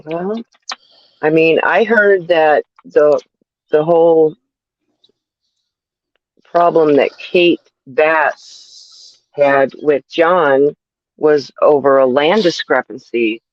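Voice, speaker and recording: A woman co-hosting a casual conversation, who talks slowly and carefully and often pauses to check details. Her voice comes through a muffled, lo-fi recording. The sound is dry and close. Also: low voice, no room sound. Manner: measured, fact-checking, hesitant with fillers. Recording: dull lo-fi sound.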